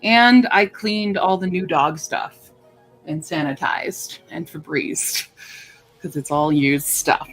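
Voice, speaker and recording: A woman livestreamer chatting casually with her viewers, rambling and filling pauses with lots of ums and uhs. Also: deep voice, fairly even intonation, a bit bright, soft background music. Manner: chatty and rambling, with many fillers. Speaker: livestreamer greeting chat. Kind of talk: casual live-stream chat.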